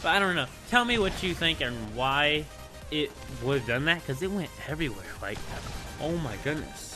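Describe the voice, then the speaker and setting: A young man casually telling a school story on his vlog, rambling and excitable, with lots of filler words. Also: on the high side, moderate pace, over music. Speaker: gaming channel host.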